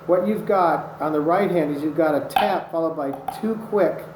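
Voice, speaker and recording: A man's voice: fairly high pitch, moderate pace. A man teaching drumming technique, patient and methodical, calling out strokes as he demonstrates them. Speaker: drum instructor. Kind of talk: instructional demonstration. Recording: echoey room with loud noise. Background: drumming on a practice surface.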